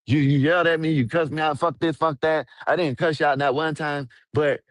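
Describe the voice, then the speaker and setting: A man's voice: a little high, fairly even intonation, fairly quick, dry recording. A man co-hosting a livestream who argues defensively, stammers, and keeps repeating himself. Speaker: co-host commentator. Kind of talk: heated argument on a livestream.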